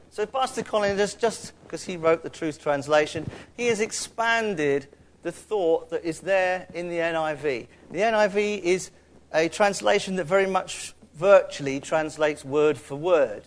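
Chatty London preacher, higher-pitched man. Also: animated, unhurried. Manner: chatty and conversational, with asides to the congregation. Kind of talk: sermon.

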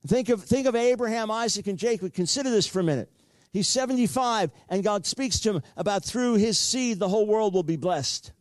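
A man's voice: high voice, a little fast, no room sound, clean studio sound. An older man preaching a sermon, telling a personal story earnestly and repeating words for emphasis.

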